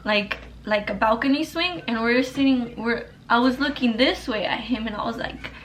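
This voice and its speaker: A woman's voice: fairly high pitch, moderate pace, slight background noise. A young woman vlogger telling a story to the camera in a rambling, profane, casual way, full of fillers.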